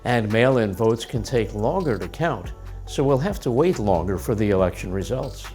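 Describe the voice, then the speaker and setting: A man's voice: lowish voice, expressive, moderate pace, darkish tone, soft background music. American man explaining with chuckles. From United States. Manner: plain explanatory, chuckles between remarks. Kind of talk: scripted lesson dialogue.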